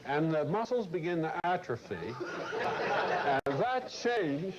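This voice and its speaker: A man giving a lecture to a corporate class, telling a long story in a blunt, salty, animated way. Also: a little high, slow pace, over a noisy crowd. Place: lecture room. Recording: muffled old videotape with faint hiss.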